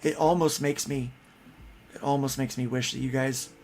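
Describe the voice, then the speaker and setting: A man hosting a casual chat, telling rambling, animated stories full of restarts. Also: medium pitch, moderate pace, a little hiss or hum. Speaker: podcast host.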